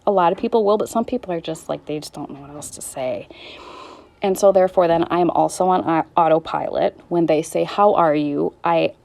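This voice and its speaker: A woman's voice: fairly low pitch, brisk, creaky, darkish tone. A woman in her thirties talking candidly in a personal vlog, weary and struggling, rambling and trailing off mid-thought. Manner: raw, rambling, restarts and trails off. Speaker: vlogger.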